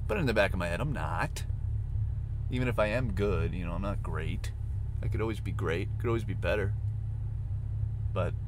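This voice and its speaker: Guy rambling on his podcast while he drives, kinda low voice, crude jokes, road hum all over it. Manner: rambling, crude and self-mocking. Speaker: podcast host. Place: inside a moving car. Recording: steady car road noise.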